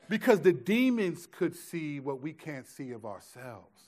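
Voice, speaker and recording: A man preaching a sermon as a pastor, telling a story in a lively, casual way with lots of restarts and slang. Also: fairly high pitch, normal speed.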